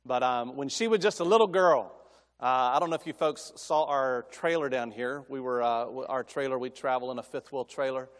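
A man's voice: mid-range voice, moderate pace. A middle-aged man preaching as a guest speaker, telling folksy family stories that build into emphatic preaching. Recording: long hall reverb.

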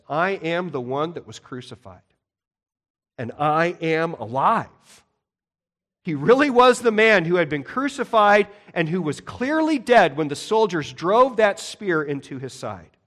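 High-voiced man preaching a sermon. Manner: conversational, animated, with soft dramatic drops. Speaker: pastor.

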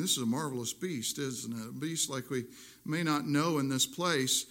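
A man's voice: mid-range voice, normal speed, a bit bright. A man preaching a sermon, reading scripture aloud and explaining it with earnest emphasis. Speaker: pastor.

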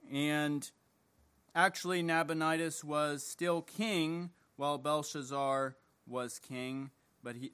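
A man preaching an evening sermon, reading scripture and praying in slow, deliberate, emphatic phrases. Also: on the high side, fairly bright tone, smooth. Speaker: pastor. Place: church service.

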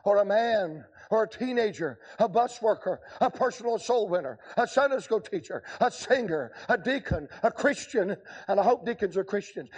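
A man preaching a revival sermon, emphatic and swinging from quick asides to long, drawn-out shouted lines. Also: sits high, animated, slightly rough.

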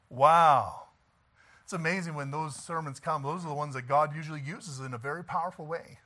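A man's voice: a little high, moderate pace, pauses often, sharp tone. A man pastor preaching a sermon in an emphatic, folksy way, often laughing and asking the congregation "Amen?".

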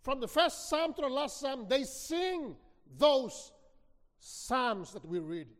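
A man preaching a sermon, reading scripture dramatically, with sudden swings between near-hushed lines and shouted ones. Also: extremely high pitch, sing-song, slow pace. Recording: long hall reverb.

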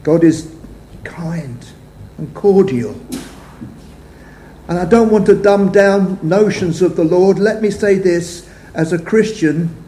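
Older man preaching slow in an echoey hall, mellow voice, lines fading off soft at the ends. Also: high-pitched, slight background noise. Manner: measured, phrases trailing off softly. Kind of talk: sermon.

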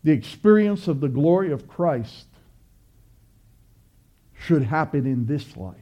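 A man's voice: a little high, animated, slow pace, warm tone. A man preaching a sermon, earnest and exhorting, building through repeated phrases.

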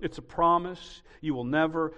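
A man preaching a sermon as pastor, teaching patiently and building to loud, emphatic peaks. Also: on the high side, moderate pace, smooth, big-room sound, lo-fi sound. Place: church sanctuary.

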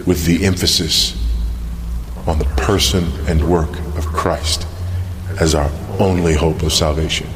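A man preaching a sermon, earnest and searching, asking pointed questions with pauses for emphasis. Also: rumbling low, fairly even intonation, noisy background. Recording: long hall reverb.

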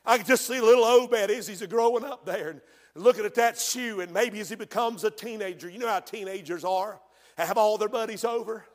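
High-voiced preacher in a reverberant church. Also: male voice, a little fast. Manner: storytelling preacher who swings from hushed tones to shouting. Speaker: pastor. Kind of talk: sermon. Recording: long reverb of a church hall.

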